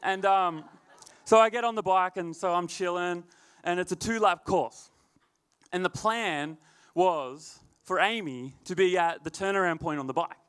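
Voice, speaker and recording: This young man's voice is high, slightly slow, and a little bright, with a clean tone. A youth leader, he tells a chatty story before a sermon, laid-back, laughing often and using plenty of filler words.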